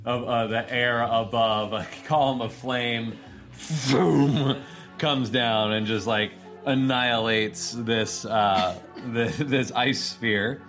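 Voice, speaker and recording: A man narrating as game master in a tabletop game, relaxed and halting, with many fillers. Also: mid-range voice, soft background music.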